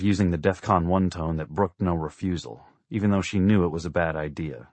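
Deep-voiced male audiobook narrator. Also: a little mellow, dry recording. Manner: measured, wry storytelling. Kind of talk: scripted narration.

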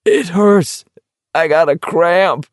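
A man's voice: high voice, drawn-out words, dry recording, studio quality, voice pushed up. A man voicing a frantic young man who sobs and wails in broken outbursts. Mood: sobbing, anguished. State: crying.

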